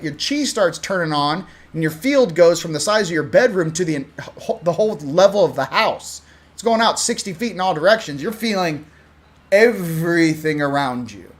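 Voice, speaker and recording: A Southern Californian man who hosts a spiritual channel chats casually straight to camera, animated and laughing, his volume swinging between hushed and loud. His voice sits fairly high.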